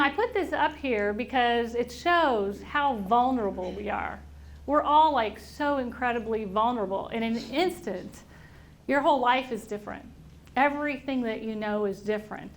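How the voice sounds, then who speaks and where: A middle-aged woman speaking to an audience, telling a personal story in an animated way and acting out the voices of people she quotes. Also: fairly high pitch, moderate pace, slight background noise. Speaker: invited speaker. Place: auditorium at a workplace event.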